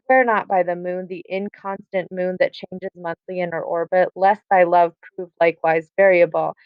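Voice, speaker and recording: A young noblewoman, forward and anxious, speaking old verse, as a woman reads her with a slight lift. The voice is smooth and clear, and the recording is dry and a little dull. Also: fairly low pitch, fairly even intonation, normal speed, dry recording, natural voice. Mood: earnest. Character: young impassioned noblewoman Juliet, forward and worried.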